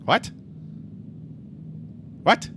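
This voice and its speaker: This man draws out his words in a bright, forceful tone, with a little hiss or hum in the recording. Debugging his game on stream, he thinks out loud, mutters to himself, and talks casually straight to chat while coding.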